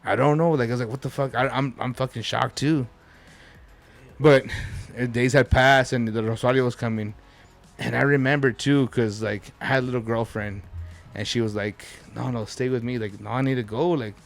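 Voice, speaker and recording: A man's voice: medium pitch, fairly even intonation, moderate pace, creaky, faint music behind. A man telling a story as a podcast guest, rambling and swearing, with Spanish words dropped in. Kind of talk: casual storytelling.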